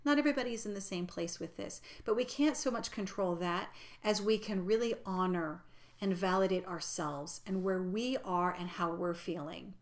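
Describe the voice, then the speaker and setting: Gentle, reassuring woman teacher. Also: medium pitch, normal speed. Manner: gentle, reassuring, drops into soft near-whispers. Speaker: personal growth teacher. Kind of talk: reflective teaching talk.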